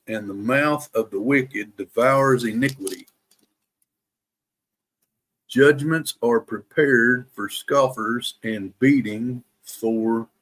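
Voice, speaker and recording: On his daily Bible live stream, a man reads scripture slowly and deliberately, taking care to pronounce every word. He tosses casual asides to his viewers in a mid-range, fairly bright voice.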